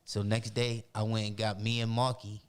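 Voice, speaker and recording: A man from Roxbury, telling animated, profane stories as a podcast guest in casual talk. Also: lowish voice, normal speed, smooth. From Roxbury, Boston. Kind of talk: casual storytelling.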